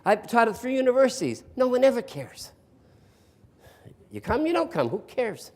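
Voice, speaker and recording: A man's voice: extremely high pitch, huge pitch swings, moderate pace. An older man from the East Coast, a sarcastic storyteller who speaks to an audience of teachers and asks them questions. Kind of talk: storytelling workshop talk. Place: room with a live audience.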